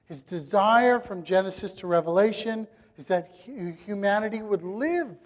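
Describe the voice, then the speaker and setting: A man with a high voice delivers a sermon, his emphasis rising through run after run of questions. His voice rings with a long reverb, and the recording has a dull, muffled tone. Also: animated, normal speed. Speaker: pastor.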